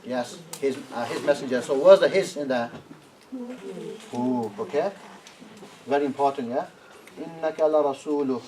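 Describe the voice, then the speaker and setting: A man's voice: medium pitch, normal speed, long pauses, warm tone. A man teaching a classroom lesson who keeps asking "yeah?" and prompts his students to translate. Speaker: Arabic teacher. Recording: distant classroom recording, faint noise.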